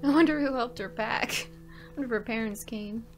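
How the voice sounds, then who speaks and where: A woman hosting a let's play, chatting casually and thinking aloud, now and then dropping to soft asides. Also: a little high, brisk, soft background music. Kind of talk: casual gameplay commentary.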